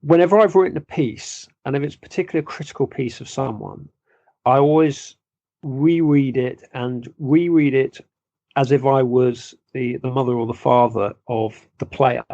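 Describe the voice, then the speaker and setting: A man, a football journalist, giving measured, self-deprecating interview answers with frequent restarts. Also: medium pitch, dark tone, no room sound. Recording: dull lo-fi dry sound.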